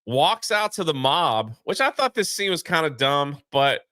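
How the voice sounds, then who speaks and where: Bright, lively-voiced man retelling a film. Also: fairly high pitch, measured pace, no echo, studio quality. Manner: animated retelling with quoted voices. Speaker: podcast co-host. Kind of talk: casual movie review chat.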